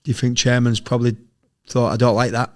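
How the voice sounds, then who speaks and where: A middle-aged man from England, a former footballer and podcast guest, telling sweary, animated anecdotes in casual chat. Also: mid-range voice, quick pace. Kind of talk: casual storytelling.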